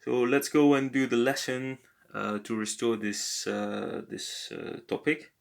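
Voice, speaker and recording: Slow, gravelly-voiced male tutor. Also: mid-range voice. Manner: slow, hesitant, many filler pauses. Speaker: language tutor. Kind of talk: screen-recorded app language lesson.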